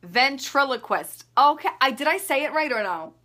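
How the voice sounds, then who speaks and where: A woman's voice: sits high, sing-song, a little fast, pushed and bright, slight background noise. A woman in her thirties chatting casually through her skincare and makeup routine, rambling and laughing at herself. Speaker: beauty vlogger.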